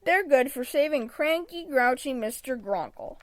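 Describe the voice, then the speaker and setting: A woman voicing a grouchy, cranky old rich man in a storybook reading, with a low grumbling snarl. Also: animated, normal speed, dry recording. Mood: humbled.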